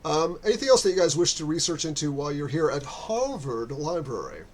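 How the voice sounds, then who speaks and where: A man's voice: on the high side, very animated, a little fast. A man narrating as game master, rambling with many fillers and restarts.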